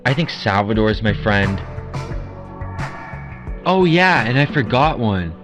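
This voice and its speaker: A man's voice: on the low side, animated, a little slow, over music. A man playing a chatty, defensive young contestant in an improvised comedy audio drama, talking in a rambling, theatrical way. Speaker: comedy performer.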